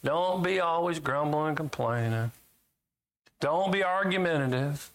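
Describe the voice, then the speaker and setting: Brief: middle-aged preacher, homespun and emphatic, voice sits a bit high, big swings up and down. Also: male voice, measured pace. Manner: folksy, emphatic, swinging between loud highs and low asides. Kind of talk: sermon.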